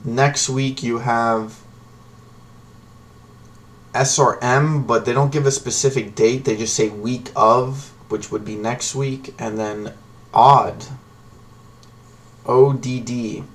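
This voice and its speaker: A stock trading livestream host with a steady, medium-pitched voice talks slowly, leaving long pauses in his casual, slangy rambling. He sounds distant from the mic, with faint noise in the background.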